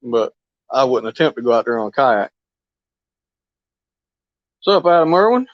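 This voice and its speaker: A man chatting on a fishing live stream in a loose, folksy ramble, chuckling as he goes. His voice sits at an ordinary pitch. It comes through dull and lo-fi, with a dry, close sound. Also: very animated, moderate pace, dry recording. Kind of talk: casual live stream chat.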